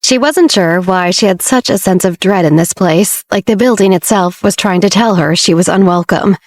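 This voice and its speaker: A woman reads a romance novel aloud in a steady, measured storytelling voice. Her pitch sits in the middle, and the close mic gives a dry sound with no room around it. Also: dry recording. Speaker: audiobook narrator. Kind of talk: scripted narration.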